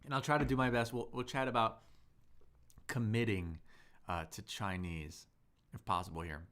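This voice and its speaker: Male language tutor live-streaming, friendly and conversational, answers chat and models pronunciation slowly. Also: lowish voice, steady tone, fairly bright tone. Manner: upbeat, chatty, slows down to model tones; reads viewer comments aloud and answers them. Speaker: Chinese teacher and livestream host.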